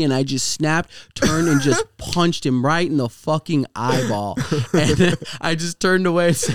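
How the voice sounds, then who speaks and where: Animated, profane male storyteller. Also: moderate pace, hardly any pauses, no room sound, studio quality. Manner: voice jumps high when acting out people in the story. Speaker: podcast host. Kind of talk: casual chat, storytelling.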